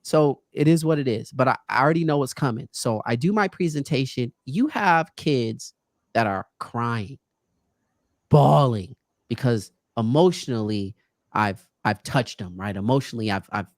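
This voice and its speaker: A man's voice: mid-range voice, animated, moderate pace, no echo, clean studio sound. A man who works as a guest speaker, telling stories casually and animatedly, often acting out other people in a raised voice. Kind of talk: casual storytelling. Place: podcast studio.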